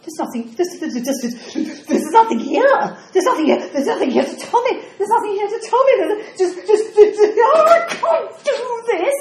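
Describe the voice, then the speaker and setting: A woman's voice: very high voice, big pitch swings, normal speed, hardly any pauses, darkish tone, pitched above the performer's own voice, heavily acted. A woman acting out a confused elderly woman with dementia in a care home, stammering and panicky. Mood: panicked. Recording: roomy echo.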